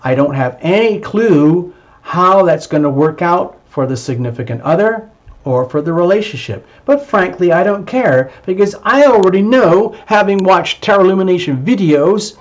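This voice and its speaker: A man's voice: sits high, animated, normal speed, dull audio. A man giving a monthly tarot reading, emphatic and repetitive, sometimes speaking the listener's thoughts aloud. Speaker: tarot reader.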